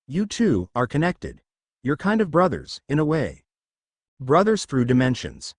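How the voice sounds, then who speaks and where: A man's voice: a little high, wildly swooping pitch, measured pace, slightly rough, dry recording, studio quality, full character voice. A man voicing a mischievous, knowing male spirit who explains secrets.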